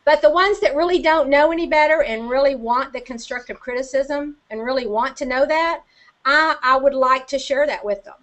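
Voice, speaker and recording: A woman's voice: high-pitched, normal speed, fairly bright tone, muffled recording. An older woman chatting as a guest on a video call, chatty and self-deprecating, laughing often. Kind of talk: casual video-call chat.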